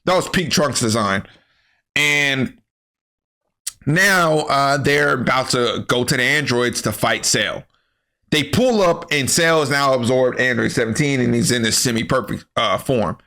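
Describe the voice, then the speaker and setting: Bright-voiced man on a joking anime rant. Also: medium pitch, moderate pace, creaky. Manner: animated, profane, joking slang rant. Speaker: anime commentary creator. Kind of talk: comedic anime recap rant.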